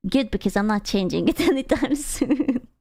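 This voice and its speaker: A woman's voice: fairly high pitch, expressive, normal speed, a little mellow, husky. A woman streamer chatting casually with her viewers, playful, swearing freely and laughing often.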